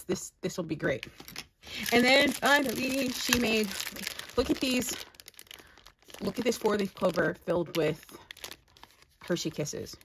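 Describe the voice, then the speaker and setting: Chatty low-voiced woman craft vlogger. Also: slight background noise, poor audio. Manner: chatty and rambling, gushing over gifts. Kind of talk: casual unboxing vlog. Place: home craft room.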